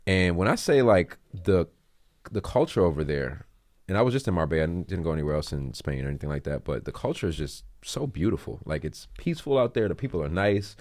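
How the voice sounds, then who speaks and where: A deep-voiced man hosts a podcast in a loose, swearing, enthusiastic way. The room sounds dry and close. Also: big pitch swings, a little fast, darkish tone, no echo. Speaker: podcast host. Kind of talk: casual podcast conversation.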